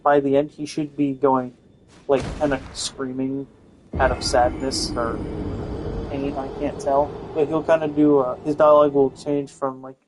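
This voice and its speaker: A man's voice: medium pitch, flat delivery, unhurried, a little mellow, slight background noise, poor audio. A young man giving casual gameplay commentary, rambling with lots of fillers and self-corrections. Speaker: gaming video host.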